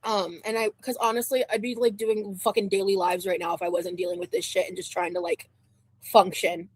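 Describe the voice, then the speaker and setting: A woman's voice: mid-range voice, level tone, brisk, slightly rough, no echo. A woman streamer in pain, thanking viewers effusively and swearing casually. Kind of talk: casual live stream chat.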